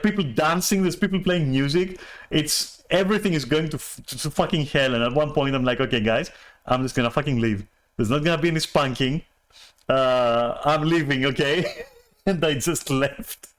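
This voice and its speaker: A man streamer telling a story in a casual rant, animated, swearing and restarting often. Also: sits high.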